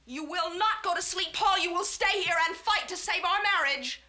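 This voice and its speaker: An actress playing a passionate young wife in a 1960s film comedy, emphatic and indignant. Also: female voice, very high-pitched, moderate pace, sharp tone. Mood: angry. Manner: indignant, emphatic, near tears. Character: impulsive, passionate young newlywed wife, woman.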